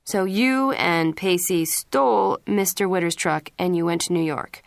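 A woman's voice: lowish voice, a little slow, vocal fry, dry recording, clean studio sound. A woman reading as a stern scolding father. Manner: firm, lecturing. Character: stern middle-aged father scolding his son.

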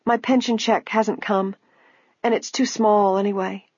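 A woman's voice: mid-range voice, fairly even intonation, unhurried, darkish tone, slightly rough, no echo, pitched above the performer's own voice. A woman reading an audiobook, voicing a frail, proud, poor old woman who is hurt and speaks in a quavering voice. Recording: dull, lo-fi, dry.

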